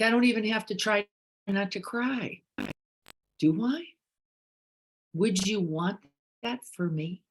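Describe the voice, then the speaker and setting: Woman teaching meditation, soft then emphatic, lots of questions, mid pitch. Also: a little hiss or hum. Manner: questioning and gentle, swings from hushed to emphatic. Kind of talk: reflective dharma talk, reading participant comments.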